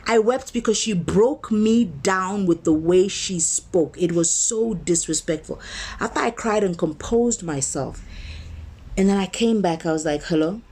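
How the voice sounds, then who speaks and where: A woman minister delivers a motivational, sermon-like talk in a conversational, emphatic way, slowing down on key words and building her points through repetition. Her voice sits on the low side, with a darkish, slightly rough tone.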